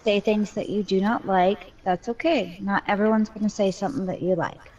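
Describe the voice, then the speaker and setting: A woman's voice: mid-range voice, fairly even intonation, moderate pace, a little mellow, lo-fi sound. A mother telling her story in a casual voice chat, candid and talkative with a joking streak.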